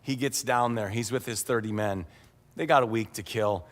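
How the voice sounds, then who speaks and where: A man's voice: lowish voice, normal speed. A man preaching a sermon as pastor, retelling a story in a humorous, conversational way. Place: church sanctuary. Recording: echoey church hall.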